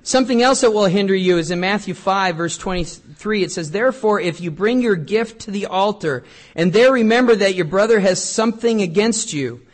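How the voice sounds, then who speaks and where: With a high-pitched voice and a brisk delivery, this middle-aged pastor jokes his way through a conversational sermon. He reads scripture aloud and swings from loud to quiet.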